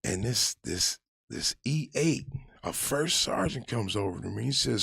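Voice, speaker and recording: A man with a gravelly, middle-pitched voice tells army stories in a loose, animated way, and he acts out the yelled lines of the people in them. The recording is dry and close to the mic, with no room sound. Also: a little slow, no echo. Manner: animated storyteller, acts out quoted shouts. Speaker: army veteran guest. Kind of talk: casual storytelling chat.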